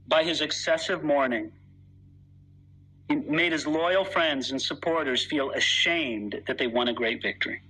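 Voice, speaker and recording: A man's voice: on the high side, pushed and bright, low-quality recording. A man preaching a sermon in an earnest, emphatic way, reading scripture aloud with dramatic weight.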